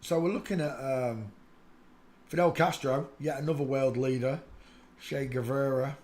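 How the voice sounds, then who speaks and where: A man hosting a live stream, giving casual, mocking running commentary on pictures and greeting viewers by name. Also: a little slow. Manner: excitable, breaks into loud high laughter. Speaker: livestream host.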